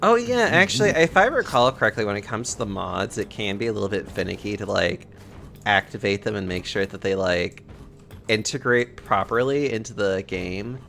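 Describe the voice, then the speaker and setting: Chatty male streamer, animated pitch, faint noise behind. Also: moderate pace, creaky. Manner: chatty, lots of "like", laughs easily. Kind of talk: casual gaming chat.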